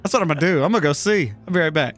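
A man's voice: on the high side, racing, over music. A man, teasing his friends with playful swearing in casual voice chat during an online party game.

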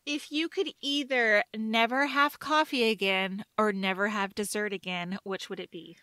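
A woman co-hosting a podcast, playful and teasing, quick to laugh in casual chat. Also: medium pitch, steady tone, pushed and bright, clean tone, dry recording. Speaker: podcast co-host.

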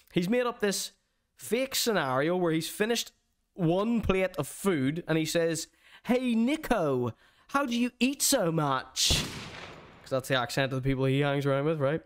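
A man's voice: fairly high pitch, smooth. A man hosting a streamed show, giving a mocking, theatrical comedic rant.

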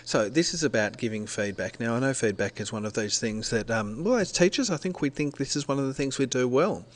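A man's voice: mid-range voice, expressive, a little fast. A middle-aged man from Australia, a teacher, giving a recorded presentation in a conversational way, correcting himself as he explains step by step.

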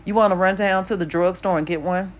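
An earnest teenage boy speaks to a wounded friend with urgent, forced cheerfulness, as a woman reads his part. The voice stays low in pitch. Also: fairly even intonation, fairly quick, lightly acted. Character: anxious teenage boy, the narrator, talking to a friend.

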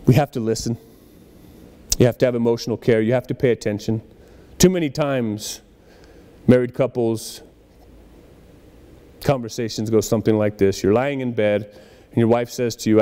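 A man's voice: medium pitch, fairly even intonation, normal speed, pauses often, mellow, smooth, in a large hall. A man preaching a conversational sermon in a church, acting out little dialogues as he goes. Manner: conversational preaching with acted-out quotes. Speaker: pastor.

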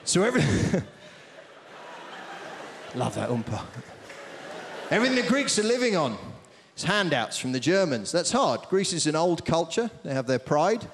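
A man on a theatre stage doing stand-up, his pitch leaping around as he rambles through a story and calls out to the crowd. His voice sounds slightly high for a man. It carries a long hall echo, with a loud audience behind it. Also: sing-song, moderate pace, long pauses, slight background noise. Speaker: stand-up comedian. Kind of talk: stand-up comedy. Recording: big theatre with roaring audience.

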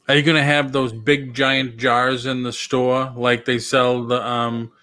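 A man's voice: medium pitch, little pitch movement, a little slow, sharp tone. Easygoing man hosting a live auction. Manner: easygoing, joking, upbeat.

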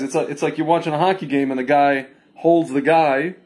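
Husky rambling man talking to viewers. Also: moderate pace, few pauses. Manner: rambling, addresses viewers as "my friends" and "guys"; animated, jumps into mocking high-pitched impressions. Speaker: online commentator. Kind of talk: casual livestream monologue.

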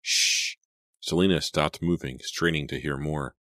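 A man narrating a horror audiobook in a measured, suspenseful read on a close mic. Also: a bass voice, no room sound.

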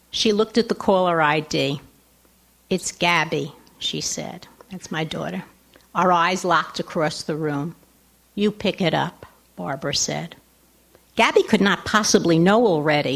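A woman, a writer reading a personal essay aloud at a lecture. She breaks into quick conversational asides, then reads more slowly and carefully. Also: on the low side. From Long Island, New York. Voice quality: nasal. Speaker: writer reading her work.

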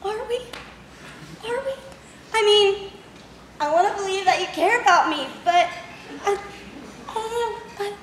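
A woman playing a shrill overwrought housewife. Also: measured pace, pauses often. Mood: defeated. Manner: melodramatic, laughing through rants, shouting. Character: overwrought housewife spiraling into comic outrage. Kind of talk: comedy sketch parody of an ad. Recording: roomy, faint background hiss.

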